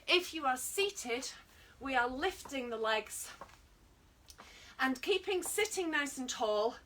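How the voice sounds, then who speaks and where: A woman's voice: sits high, expressive, slow, a bit bright, recorded from a distance, a little hiss or hum. A British woman teaching an online exercise class, chatty and encouraging, joking at her own expense. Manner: chatty, encouraging, self-deprecating. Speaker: fitness instructor.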